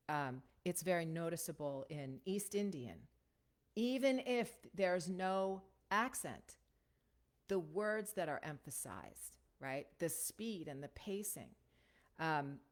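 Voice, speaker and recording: A deep-voiced woman works as a voiceover coach, teaching technique in a relaxed, conversational style. She often checks in with a quick "right?"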